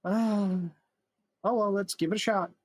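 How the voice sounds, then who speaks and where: A man's voice: high voice, fairly even intonation, a little slow, no echo. Man, reaction host, casual, rambling, joking, dry close sound. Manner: rambling, joking, unsure asides.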